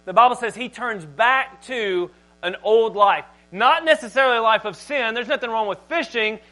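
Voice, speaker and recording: A man preaching a sermon to a congregation, emphatic and animated, swinging between loud and quiet. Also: sits high, poor audio. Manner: animated, emphatic delivery with big swings in loudness. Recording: mains hum in background.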